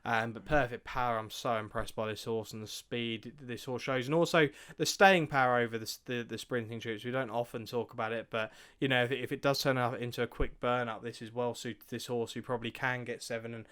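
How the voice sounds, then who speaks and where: A man's voice: medium pitch, fairly even intonation, brisk, few pauses, a bit bright, smooth. A man co-hosting a racing tips show, talking casually with frequent ums and restarts. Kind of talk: casual chat.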